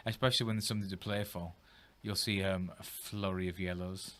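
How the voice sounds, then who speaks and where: A man co-hosting a live football watchalong. His voice is fairly low but sounds bright and forceful. He keeps the banter laid-back and jokey. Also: steady tone, fairly quick, a little hiss or hum.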